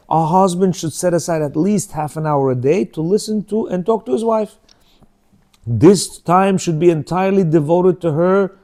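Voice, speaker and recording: A man's voice: fairly high pitch, mellow. A man teaching a religious marriage class in a conversational way, asking rhetorical questions, acting out quoted dialogue and using Hebrew religious terms.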